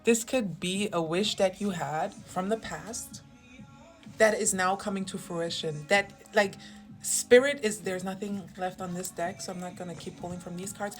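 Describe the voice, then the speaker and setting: A woman's voice: medium pitch, normal speed, faint music behind. A young woman chatting casually through a tarot reading in a rambling, self-mocking way. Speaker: tarot reader.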